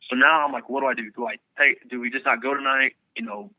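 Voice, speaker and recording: Fast-talking excited man on a phone line. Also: mid-range voice, gravelly, no echo. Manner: excited, rambling storyteller. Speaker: bowhunting guest, husband. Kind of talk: storytelling in a podcast interview.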